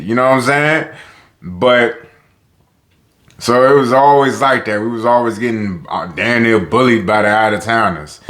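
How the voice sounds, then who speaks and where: A man with a Tidewater Virginia accent, talking casually and profanely in a loose vlog monologue. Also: a bit bright. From Newport News, Virginia. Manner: loose and profane, heats up with rising pitch on social topics. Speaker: vlogger.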